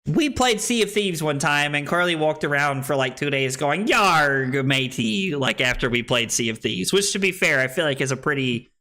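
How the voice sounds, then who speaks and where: A man's voice: a little high, animated, a little fast, hardly any pauses, sharp tone. A young man streaming a card game live, talking through his plays and joking with chat in a playful, self-deprecating way. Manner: playful, self-deprecating, chatting with viewers while playing.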